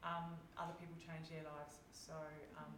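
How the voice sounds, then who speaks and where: A woman's voice: deep voice, little pitch movement, normal speed. A woman, a guest speaker telling a personal story at a live Q&A, chatty with many fillers and restarts. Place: live event hall with audience. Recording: echoey room heard from a distance, noisy.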